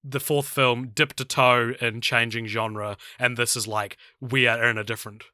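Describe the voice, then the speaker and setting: A man's voice: mid-range voice, little pitch movement, normal speed, sharp tone, dry recording, studio quality. A man co-hosting a casual film podcast, chatty and jokey, laughing often. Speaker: podcast co-host.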